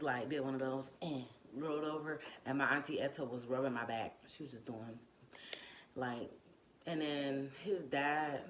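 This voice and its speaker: A young woman telling a casual storytime about giving birth, animated and slangy, acting out what people said. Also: low voice, a little hiss or hum. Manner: animated, slangy, acts out quotes, laughs often.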